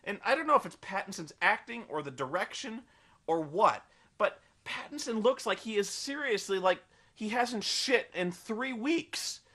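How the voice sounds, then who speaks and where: A man's voice: high-pitched, expressive, moderate pace, bright, forceful tone. A man giving a rambling, sarcastic, and profane spoken film review, full of fillers.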